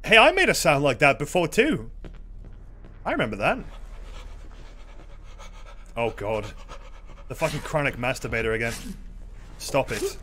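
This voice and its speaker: A man's voice: medium pitch, big pitch swings, a little slow, pauses often, sharp tone, a little hiss or hum. A man streaming a horror game, commenting casually with sarcastic, exasperated swearing.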